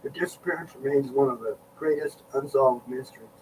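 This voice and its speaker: A man's voice: medium pitch, fairly quick, a little mellow, distant mic, rough recording. A man casually reading an article aloud on his vlog, rambling and breaking off into asides about how he feels. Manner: rambling, interrupts himself, groans about discomfort. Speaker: vlogger. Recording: set back from mic, faint background noise.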